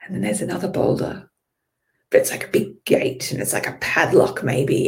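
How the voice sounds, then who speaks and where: A woman leading a guided visualization in a drifting, playful way, moving between calm imagery and casual swearing. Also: fairly low pitch, moderate pace, creaky. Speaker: meditation guide.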